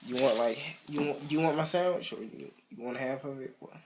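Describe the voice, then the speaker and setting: A man's voice: fairly high pitch, a little fast. A man talking casually and offhandedly from off to the side. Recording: off-mic with loud background noise.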